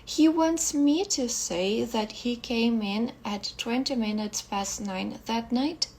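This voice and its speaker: A woman's voice: on the high side, takes it slowly, darkish tone, slight background noise. A woman reading as a cold, composed wife. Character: cold, composed foreign woman, middle-aged.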